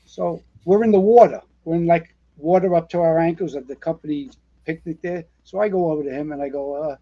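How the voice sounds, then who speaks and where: A man's voice: on the high side, a little fast, lo-fi sound. A man, a retired fire captain telling stories in a casual interview, rambling with lots of fillers and restarts. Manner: animated storyteller, rambling with many fillers and restarts.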